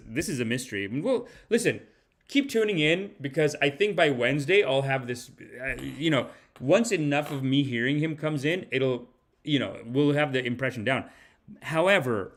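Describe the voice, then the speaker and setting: A man's voice: medium pitch, fairly quick. A man hosting a podcast, giving casual comedic commentary and mocking the news he reacts to. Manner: animated, mocking, breaks into impressions. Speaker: podcast host.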